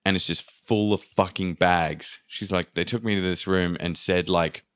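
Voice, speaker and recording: A man's voice: deep voice, moderate pace, clean tone. A man hosting a podcast, telling a travel story in casual chat, swearing freely and acting out what people said. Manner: animated, swears freely, acts out quotes. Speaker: podcast host.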